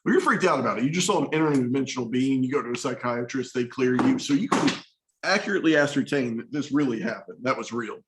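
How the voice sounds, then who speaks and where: A man's voice: mid-range voice, expressive, fast, a bit bright, poor audio. A man teaching a history class in a casual, storytelling way, talking straight to his students. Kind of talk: classroom lecture.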